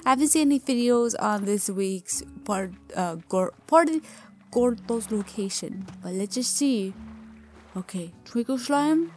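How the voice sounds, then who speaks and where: A woman narrating her own gameplay for viewers, excitable and gushing as she goes. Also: fairly high pitch, measured pace, faint music behind. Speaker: gaming video creator. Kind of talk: game commentary.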